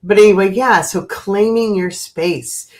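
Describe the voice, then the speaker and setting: A woman hosting a spiritual livestream, chatting gently with viewers and rambling through many fillers and restarts. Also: medium pitch, measured pace. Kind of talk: casual live chat with viewers.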